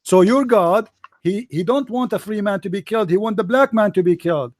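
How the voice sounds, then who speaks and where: A man's voice: high-pitched, fairly quick, darkish tone, no echo, clean studio sound. A man arguing hard in a religious debate, mocking and repeating himself. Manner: combative, mocking, repeats phrases.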